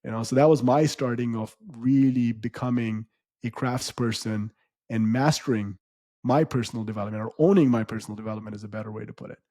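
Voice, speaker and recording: A man's voice: medium pitch, brisk, warm tone, no room sound, studio quality. A man in his forties co-hosting a casual podcast conversation, telling his story in a thoughtful, reflective way. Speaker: podcast co-host.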